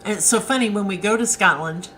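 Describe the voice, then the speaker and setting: A woman's voice: medium pitch, fast talker, a bit bright, a little hiss or hum, low-quality recording. A woman author hosting a casual live stream, chatting and answering viewer comments as they come in.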